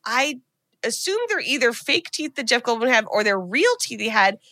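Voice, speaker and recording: A woman podcast co-host recapping a movie in a casual, profane, animated storytelling way. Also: on the high side, normal speed, no echo.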